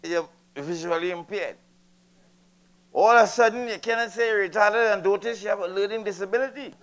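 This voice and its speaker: A man's voice: high-pitched, fairly quick, fairly bright tone, smooth. An older man with a Trinidadian accent performing a stand-up comedy routine, chatty and teasing the audience. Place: live comedy venue.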